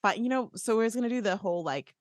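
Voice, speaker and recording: A woman co-hosting a podcast, chatting casually and telling stories with quick laughs. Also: mid-range voice, dry recording, studio quality. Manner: chatty, animated storytelling with laughs. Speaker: podcast co-host. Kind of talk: casual chat.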